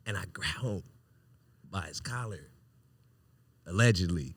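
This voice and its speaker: A man hosting a podcast, telling a wild personal story in a casual, animated, profane way, often breaking into laughter. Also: low voice, unhurried, long pauses, breathy edge, dry recording, clean studio sound. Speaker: podcast host.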